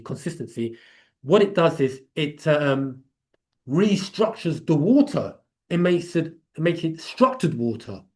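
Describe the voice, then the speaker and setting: A man's voice: a little high, a little mellow. A man with an English accent hosting a live Q&A, explaining in a casual, rambling way with many restarts. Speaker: host of a live Q&A.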